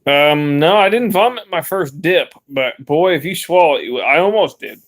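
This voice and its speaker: A man's voice: fairly high pitch, animated, moderate pace. Rambling laid-back young man. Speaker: vlogger. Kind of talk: casual vlog chat.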